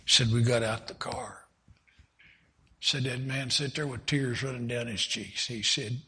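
A man's voice: medium pitch, steady tone, a little slow, bright, forceful tone, husky. A man preaching a sermon, telling a folksy story with many quoted lines.

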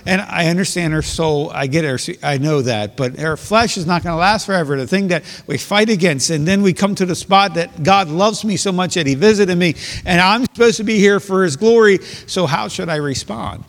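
Male pastor, earnest sermon delivery, slightly raised pitch, long hall reverb. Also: normal speed, hardly any pauses. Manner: earnest, explanatory preaching with rhetorical questions. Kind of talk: sermon with scripture reading.

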